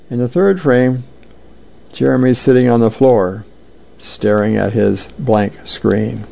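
A male host reading comic strips aloud, slow and unhurried, with plenty of ums and uhs. His voice is gravelly and mellow. The recording is dull and lo-fi. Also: mid-range voice.

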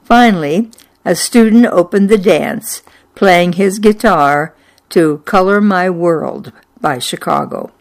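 An older woman telling a personal childhood memory in an unhurried, wry and nostalgic way. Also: lowish voice, vocal fry. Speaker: storyteller. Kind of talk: personal memoir storytelling.

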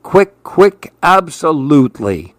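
A man's voice: a little high, very animated, slow, dry recording. A man doing a curious little mouse. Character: curious gentle male mouse, dreamy and kind.

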